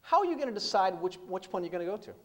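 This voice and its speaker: A man's voice: high-pitched, very animated, rapid-fire. A middle-aged man speaking as a business speaker to a seminar audience, emphatic, with rhetorical questions and repeated punchlines. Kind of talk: live seminar talk.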